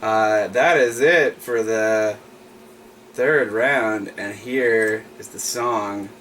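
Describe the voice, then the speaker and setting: Chatty trivia host reading questions. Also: male voice, lowish voice, drawn-out words, a bit bright, recorded from a distance, slight background noise. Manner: chatty, laughs between questions, repeats each question. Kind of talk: livestream trivia hosting.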